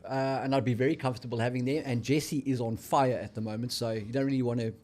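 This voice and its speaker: A man's voice: mid-range voice, steady tone, fast, dark tone. A man co-hosting a casual rugby chat, with dry, wisecracking asides. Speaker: co-host.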